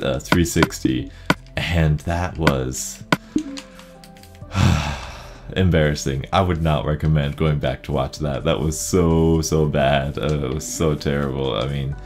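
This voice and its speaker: A man hosting casual gameplay commentary, chatty and excitable, rambling as he plays. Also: very deep voice, unhurried, faint music behind. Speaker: gaming channel host.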